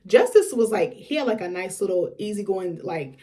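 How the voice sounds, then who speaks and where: A woman's voice: mid-range voice, expressive, normal speed, mellow. A young woman telling a candid story to the camera, chatty and casual, with lots of filler words. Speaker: vlogger host.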